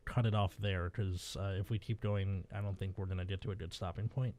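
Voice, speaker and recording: A man's voice: deep voice, steady tone, darkish tone, no room sound. Man reading aloud with stumbles. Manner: reads haltingly, stumbles and swears at slips. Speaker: podcast host reading a story aloud. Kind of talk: casual comedic chat and reading.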